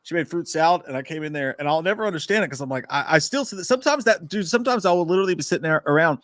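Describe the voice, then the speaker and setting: Fast-talking crude storyteller, a man. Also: on the high side, no room sound, studio quality. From Kentucky. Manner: rambling, crude, animated storytelling. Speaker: podcast co-host. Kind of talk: casual chat.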